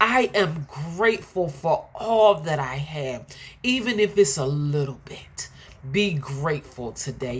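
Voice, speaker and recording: Woman, middle-aged, deep voice, unhurried delivery, motivational affirmations, preacher-like emphasis. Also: fairly bright tone, husky. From Philadelphia. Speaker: motivational speaker.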